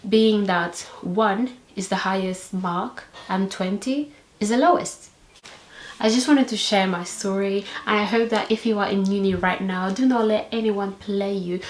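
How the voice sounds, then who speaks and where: A young woman, telling a story vlog in an animated, sassy way. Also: medium pitch, reverberant, slight background noise. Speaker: vlogger.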